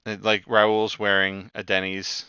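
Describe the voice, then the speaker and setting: A man's voice: fairly low pitch, completely flat delivery, measured pace, sharp tone, clean tone, no echo, dull audio. A man running a tabletop game as game master, narrating hesitantly with frequent ums and uhs.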